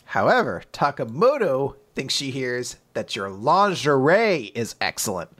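A man casually recapping a comic chapter as a podcast co-host, acting out characters in high voices and laughing often. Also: big pitch swings, measured pace, hardly any pauses, fairly bright tone. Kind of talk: casual chat, animated retelling.

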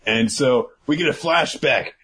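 A young man casually recapping a manga, animated and swearing, acting out the characters. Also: medium pitch, measured pace, breathy edge.

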